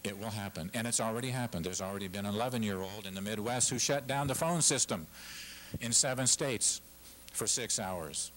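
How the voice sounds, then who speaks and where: Middle-aged guy speaking to a crowd, low voice, gets worked up, stumbles and repeats, bit of hiss. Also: fairly quick, fairly bright tone, low-quality recording. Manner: passionate, emphatic, repeats himself. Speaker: guest speaker. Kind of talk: public speech at a civic forum. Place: lecture hall with audience.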